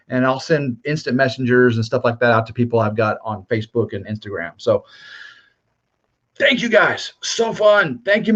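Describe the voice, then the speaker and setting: A man's voice: on the high side, lo-fi sound. A man hosting a livestream, casually and cheerfully thanking viewers by name in a rambling way. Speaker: YouTube livestream host.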